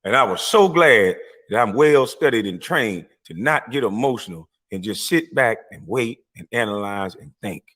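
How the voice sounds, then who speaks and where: A man's voice: fairly low pitch, animated, normal speed. Profane, confrontational man ranting to camera. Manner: profane, confrontational, swings into loud mocking voices. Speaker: live-stream talker. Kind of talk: heated rant to camera.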